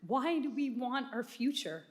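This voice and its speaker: A woman's voice: sits high, lively intonation, a little slow. A woman and mother speaking as a resident at a council meeting, emotional and pleading. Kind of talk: public comment. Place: council chamber.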